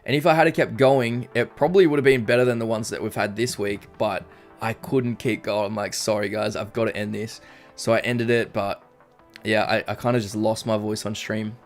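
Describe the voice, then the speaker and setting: A man's voice: on the low side, fairly even intonation, normal speed. A young Australian man casually chatting on a live stream, rambling and reading chat messages aloud. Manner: rambling, reads chat aloud, frequent ums. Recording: faint background music.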